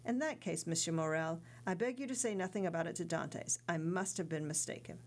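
A woman's voice: fairly low pitch, brisk, darkish tone, natural voice. A woman reading the part of a sly male ship's clerk in an audiobook, careful and evasive.

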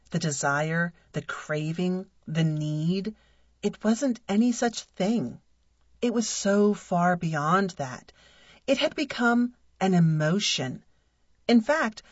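A married woman reading a humorous personal essay aloud in a wry, deadpan way. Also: on the low side, slightly rough, dry recording. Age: adult. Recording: dull lo-fi dry recording.

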